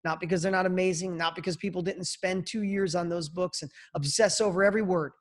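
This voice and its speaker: A man's voice: high voice, steady tone, fast. Emphatic, punchy man telling a story. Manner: emphatic, punchy, talks in bursts. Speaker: podcast guest, entrepreneur. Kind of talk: motivational storytelling.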